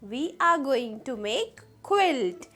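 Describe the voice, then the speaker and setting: A woman leads a phonics lesson for children, sounding out letters one by one and checking in with the class. Her voice sits high and swings widely in pitch. She speaks slowly, with soft music faintly behind her. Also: sing-song. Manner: slow, sounding out letters and asking the class questions. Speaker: teacher.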